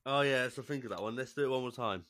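A man co-hosting a casual chat show and acting as DJ, easygoing and quick to giggle, with lots of "yeah" fillers. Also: mid-range voice, a bit bright. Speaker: co-host and DJ.

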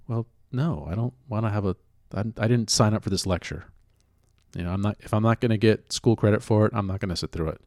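A man's voice: on the low side, quick pace, a little mellow, dry recording, studio quality. Blunt, profane man ranting. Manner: profane, blunt, self-questioning. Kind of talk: casual rant.

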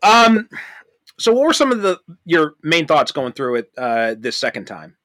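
A man's voice: a little high, sing-song, measured pace, fairly bright tone, dry recording. A man hosting a podcast, chatting in a laid-back way with plenty of fillers. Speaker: podcast host. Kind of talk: casual chat.

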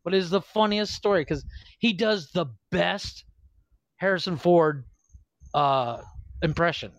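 Here the podcast host's voice is high-pitched and a little slow, recorded dry with the highs cut off. He rambles through a story in casual, profane chat, cursing freely and laughing a lot.

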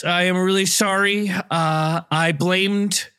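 A man improvising an apologetic, stammering ghost-clearer. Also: high-pitched, fairly even intonation, takes it slowly, bright, forceful tone, exaggerated voice. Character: apologetic male ghost-clearer waving sage.

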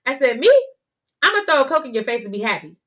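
A young adult woman co-hosting a casual podcast chat, blunt and animated as she tells stories. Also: high-pitched, quick pace. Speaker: podcast co-host.

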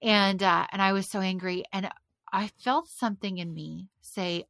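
A woman's voice: mid-range voice, fairly even intonation, normal speed, gravelly, fairly bright tone, dry recording. A woman speaking as a podcast guest, telling her personal story candidly and animatedly, often laughing between phrases. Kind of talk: personal testimony in conversation.

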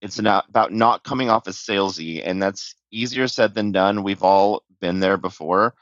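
Guest, male, low voice, dull lo-fi dry line, easygoing and filler-heavy. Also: normal speed, a bit bright, no echo. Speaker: podcast guest, sales staff. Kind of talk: casual podcast chat.

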